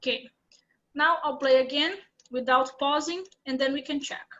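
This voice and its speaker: A woman's voice: sits high, fairly even intonation, moderate pace, fairly bright tone, muffled recording. A Brazilian woman whose first language is Portuguese, teaching an English class online and explaining step by step with patience.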